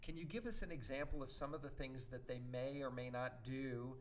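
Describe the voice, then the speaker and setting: A man's voice: mid-range voice, a little fast, a little hiss or hum. A man hosting a talk radio show who asks his guest direct, probing questions. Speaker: host.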